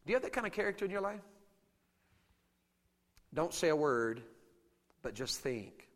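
A man preaching a sermon to a congregation. He drops to hushed asides, shouts out acted battle cries, and keeps asking the crowd to answer him. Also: a little high, big pitch swings, normal speed, in a large hall. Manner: calls out to the congregation for responses.

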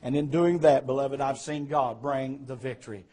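A man preaching a sermon, swelling to emphatic, louder passages and dropping to quiet asides. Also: medium pitch, steady tone, moderate pace.

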